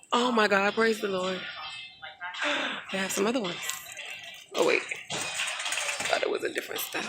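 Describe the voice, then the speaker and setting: A woman chatting casually and excitedly to her phone camera as she browses a large home decor store. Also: fairly low pitch, vocal fry, background noise. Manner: chatty, excitable, thinks aloud. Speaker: vlogger. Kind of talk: casual shopping vlog. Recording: store background music. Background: store music playing.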